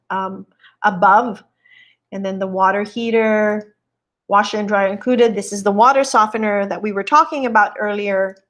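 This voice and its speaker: This woman's voice is medium in pitch with a slight brightness. On an informal live stream, the real estate agent tours a listed home, talking warmly about it and welcoming viewers throughout.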